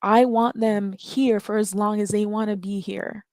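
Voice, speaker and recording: A woman's voice: mid-range voice, steady tone, a little slow, a little mellow, no echo. A woman calling into a live audio chat, talking earnestly and emotionally and repeating her words when stirred. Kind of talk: impassioned call-in talk.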